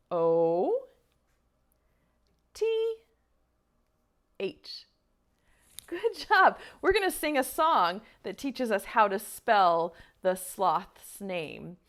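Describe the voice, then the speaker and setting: A woman teaching an online preschool lesson to small children, speaking gently and encouragingly and singing slow children's songs. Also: medium pitch.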